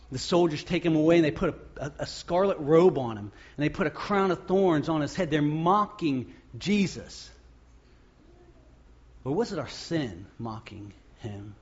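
A man preaching a sermon as pastor, acting out the crowd's shouts and the quoted words. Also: fairly high pitch, slightly rough, highs cut off.

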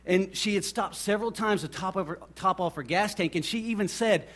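A middle-aged pastor delivers a sermon in a voice pitched a little high. He tells stories in an animated way and acts out the voices of the people in them. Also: brisk, few pauses.

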